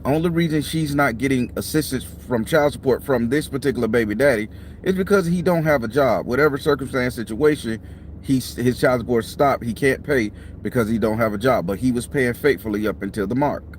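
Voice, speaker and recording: A man's voice: mid-range voice, fairly quick, a little hiss or hum. A middle-aged man, a tarot reader, talks casually and bluntly from a parked car, tired and yawning, with plenty of profanity. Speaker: tarot reader and channel host. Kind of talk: casual talk to camera. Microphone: clip-on mic.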